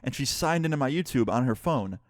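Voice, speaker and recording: A man's voice: mid-range voice, lively intonation, brisk, no room sound, studio quality. A young man casually retelling a personal story for his channel, candid and cursing freely. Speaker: YouTuber.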